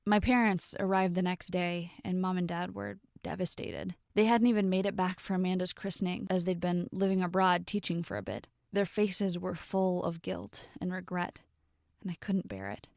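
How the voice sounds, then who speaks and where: Expressive young woman narrating a story. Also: lowish voice, normal speed, vocal fry, no echo, clean studio sound. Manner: expressive, sarcastic asides.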